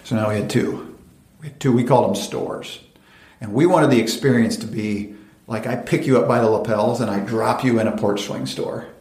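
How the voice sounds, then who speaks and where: A man, a company founder, telling stories in an interview and acting out quoted dialogue in lively voices. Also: medium pitch, normal speed. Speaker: venture capital founder, interview guest. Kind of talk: conversational storytelling interview. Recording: roomy echoey room.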